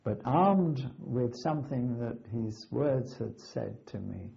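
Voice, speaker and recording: An older man earnestly recounting his wartime flight training, with dramatic pauses. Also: medium pitch, expressive, creaky, warm tone. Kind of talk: oral history recollection. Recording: slightly dull lo-fi recording.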